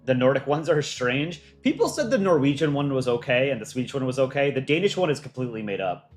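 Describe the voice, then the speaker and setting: Relaxed man hosting a casual livestream. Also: medium pitch, fast talker, faint music behind. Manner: relaxed, offhand, thinking aloud with ums. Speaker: livestream host for a countryball animation channel. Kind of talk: casual livestream chat reading viewer questions.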